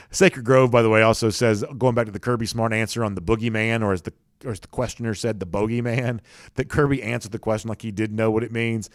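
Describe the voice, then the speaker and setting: A man's voice: on the low side, fairly even intonation, normal speed, no echo, clean studio sound. A man with a Southern American accent hosting a live sports talk show, chatty and opinionated, often restarting his sentences.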